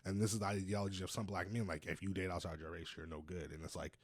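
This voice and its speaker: A young man co-hosting a podcast in casual, slangy chat, swinging between loud bursts and low, quiet stretches. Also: little pitch movement, quick pace, dry recording. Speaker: podcast co-host.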